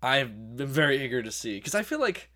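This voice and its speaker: A young man co-hosting a podcast in casual chat, excitable, often saying dude and like. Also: medium pitch, brisk. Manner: excitable, says "dude" and "like" a lot. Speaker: podcast co-host.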